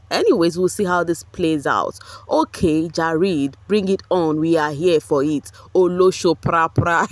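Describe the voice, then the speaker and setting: Woman, reality-show gossip vlog, animated and laughing, very dry close sound. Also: on the low side, moderate pace, hardly any pauses, dry recording. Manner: animated, laughs often, drops pidgin exclamations. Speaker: reality-show commentary vlogger. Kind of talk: chatty gossip commentary to viewers.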